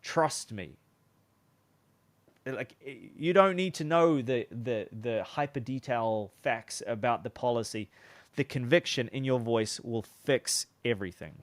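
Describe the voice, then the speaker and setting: A man's voice: medium pitch, measured pace, no echo. A young man teaching sales in a loose, chatty way, often restarting his sentences. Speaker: sales coach. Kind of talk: casual teaching talk.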